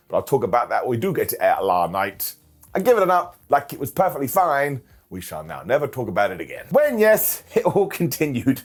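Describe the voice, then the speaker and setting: A man hosts a solo wrestling review, sarcastic and quick to laugh. His voice sits at an everyday middle pitch. He talks close to the mic in a casual, comedic monologue. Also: husky. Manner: jokey and sarcastic, laughing often.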